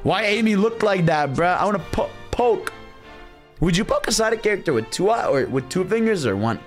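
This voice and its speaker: A young adult man giving excitable, slang-filled live commentary on a video game, talking to his chat. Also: sits high, a little fast, faint music behind. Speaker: game streamer. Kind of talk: casual live gaming commentary.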